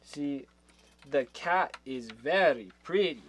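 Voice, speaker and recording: A man's voice: on the high side, animated, slow, husky. A man hosting a livestream, chatting casually with viewers, laughing often and trailing off mid-sentence. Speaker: livestream host.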